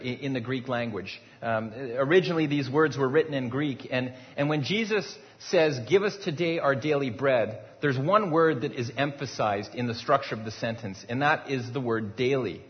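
A male pastor delivers a sermon in a relaxed, conversational style, posing rhetorical questions to the congregation and often repeating a word as he starts over. His middle-pitched voice moves at normal speed with hardly any pauses, fading into long reverb in a large sanctuary. The sound is slightly dull.

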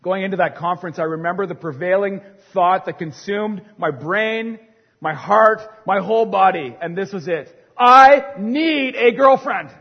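Middle-aged male pastor, high voice, dynamic sermon delivery, dull lo-fi recording. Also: moderate pace, gravelly, husky. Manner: dynamic preaching, swinging from hushed to loud. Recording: long hall reverb, dull sound.

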